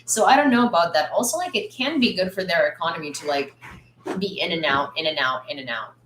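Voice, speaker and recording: A woman's voice: lowish voice, animated, fairly quick, fairly bright tone, a little hiss or hum. A woman hosting a casual news livestream from a room at home, chatty with lots of fillers and blunt when she lectures. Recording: roomy echo.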